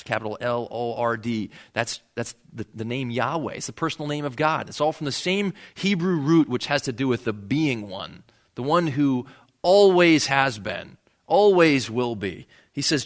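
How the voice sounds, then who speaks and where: A man's voice: mid-range voice, fairly bright tone. A man preaching a sermon, reading scripture and explaining it in a conversational way, acting out the lines of the people in the text. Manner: conversational, acts out the characters' lines in the passage. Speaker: pastor.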